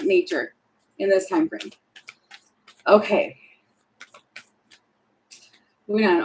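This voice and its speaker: A woman's voice: mid-range voice, slight background noise, low-quality recording. A woman doing a casual, spontaneous tarot reading, thinking aloud, rambling and giggling as she goes. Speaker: tarot reader.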